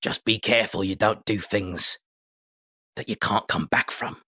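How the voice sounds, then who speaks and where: Husky, slow-talking old mentor woman with a cough, played by a man, tearful and stern. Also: on the low side, fairly even intonation, sharp tone, no echo, studio quality, exaggerated voice. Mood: grave. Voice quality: husky, creaky. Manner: slow, weary, reproachful.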